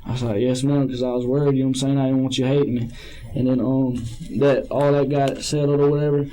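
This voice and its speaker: A man speaks in a police interview room. His voice is mellow and low-key. He rambles, hesitates and circles back over his own words. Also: flat delivery, fast, poor audio. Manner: rambling, hesitant, repeats himself.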